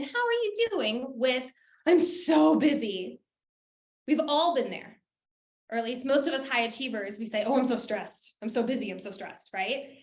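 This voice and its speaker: A woman's voice: high voice, reverberant. A woman presenting an interactive workshop as a coach, upbeat and engaging with her audience over a video call. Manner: upbeat, engaging, calls out to the chat.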